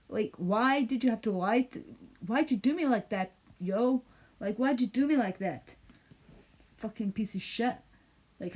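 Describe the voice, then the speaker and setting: A woman's voice: medium pitch, a little mellow. Woman livestreamer, rambling profane rant, mocking tone, lo-fi webcam audio.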